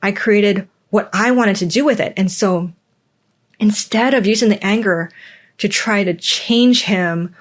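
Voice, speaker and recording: An earnest woman talks through her own experiences in a reflective podcast monologue. She leans hard on key words and repeats them for emphasis. Her voice sits at an ordinary mid pitch for a woman. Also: unhurried. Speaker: podcast host.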